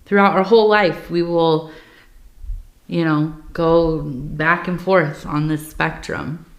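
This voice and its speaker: A woman giving a tea leaf reading in a soft, reflective, meandering way, with many fillers and pauses. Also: low-pitched, fairly even intonation. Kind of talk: intimate spoken reading. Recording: roomy echo.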